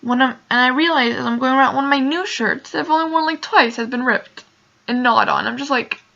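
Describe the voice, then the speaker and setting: Upset young woman vlogging, gravelly voice. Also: sits high, a little fast, sharp tone, muffled recording. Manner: emotional, rambling, many "like" fillers. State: upset, close to tears. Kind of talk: casual storytelling vlog.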